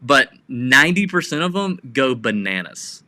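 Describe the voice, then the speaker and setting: A man co-hosting a casual podcast, telling rambling stories with excitement. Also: mid-range voice, normal speed, dry recording. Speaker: podcast co-host.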